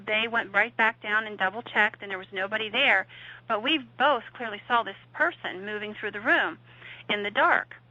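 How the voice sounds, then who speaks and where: A woman guest tells a story with vivid suspense, her voice bright and clear. The audio is dull and lo-fi, with the top end rolled off. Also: medium pitch, moderate pace, no room sound. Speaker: guest ghost investigator. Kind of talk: recounting a story in conversation.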